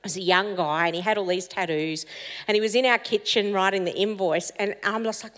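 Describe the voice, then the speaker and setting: An animated woman preacher tells personal stories and parables with lively expression. Her voice sits at an ordinary pitch. A long reverb trails each phrase, as in a church hall. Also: fairly quick. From Italian heritage. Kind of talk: storytelling sermon.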